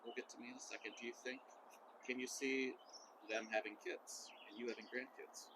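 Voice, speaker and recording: A man's voice: mid-range voice, flat delivery, a little fast, background noise. A young adult man interviewing his mother, hesitant and full of fillers before each question. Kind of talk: casual family interview.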